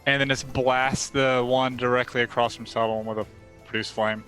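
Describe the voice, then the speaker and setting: A man's voice: medium pitch, flat delivery, moderate pace, sharp tone, soft background music. A man at a tabletop game states his character's move plainly. He keeps it brief and matter-of-fact. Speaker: player. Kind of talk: casual tabletop play.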